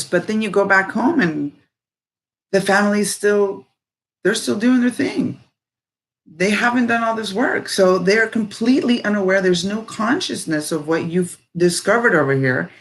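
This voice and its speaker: A woman's voice: medium pitch, moderate pace. Woman rambling through a reflective talk. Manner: animated, rambling, many fillers.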